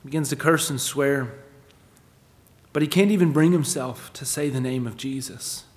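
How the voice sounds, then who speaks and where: A man preaching a sermon, asking rhetorical questions and moving between emphatic lines and hushed ones. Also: medium pitch, normal speed, big-room sound. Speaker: pastor.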